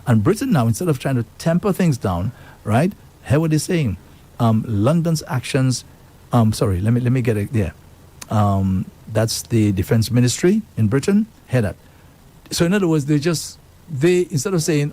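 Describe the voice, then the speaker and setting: A man's voice: medium pitch, animated, moderate pace, mellow. A man hosting a talk radio show, speaking, emphatic and indignant as he reads out and comments on news.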